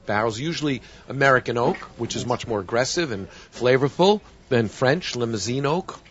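A man's voice: mid-range voice, lively intonation, normal speed, muffled recording, a little hiss or hum. A man explaining wines in a casual chat, often restarting his sentences as he talks them through. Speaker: wine expert guest.

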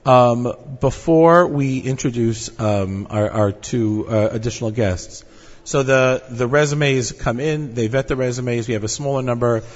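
A man's voice: medium pitch, unhurried. A man hosting an interview, asking questions in a conversational, hesitant way with frequent fillers. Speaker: interview host. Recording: echoey dull room audio.

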